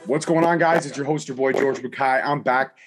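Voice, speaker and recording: Animated, jokey male podcast host. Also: mid-range voice, brisk, faint music behind. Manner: animated, jokey, swears freely. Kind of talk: casual interview chat.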